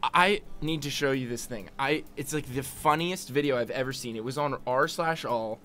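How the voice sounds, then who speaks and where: A young man casting an esports match, excitable and chatty, rambling through anecdotes between plays. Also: medium pitch, moderate pace. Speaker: esports commentator. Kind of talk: play-by-play game commentary.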